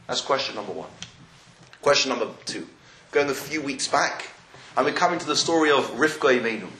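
A man's voice: medium pitch, animated, fairly quick, sharp tone. Man teaching Torah in an echoey room. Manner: storytelling, with rising questions. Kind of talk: Torah class on the weekly portion. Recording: echoey room, faint noise.

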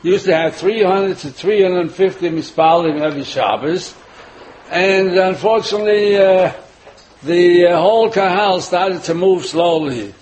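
Older rabbi telling a rambling story. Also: male voice, sits high, a little mellow, a little hiss or hum, low-quality recording. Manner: rambling, many filler pauses, chuckles at own jokes. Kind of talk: sermon with personal anecdote.

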